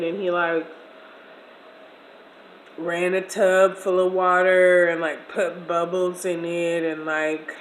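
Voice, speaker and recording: A woman's voice: fairly low pitch, slight background noise. Chatty woman telling a story, echoey room. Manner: chatty, slangy, expressive storytelling. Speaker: vlogger. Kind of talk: casual storytelling over a meal.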